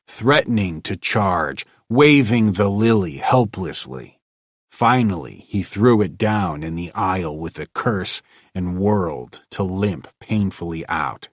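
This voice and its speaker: A man narrating an old-time radio style story with expressive storytelling. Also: deep voice, breathy edge, dry recording, studio quality.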